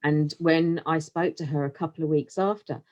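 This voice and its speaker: A woman's voice: sits low, steady tone, normal speed, a little mellow. A woman co-hosting a podcast, asking reflective questions and offering support in a casual chat. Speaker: podcast co-host.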